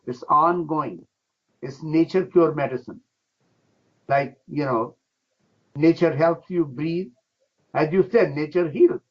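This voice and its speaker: A man's voice: fairly high pitch, slow pace, pauses often. An older man, a laughter yoga teacher, talking with exuberance in broken English and breaking into chants and laughter as a radio guest. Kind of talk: enthusiastic radio interview. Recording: dull lo-fi radio sound.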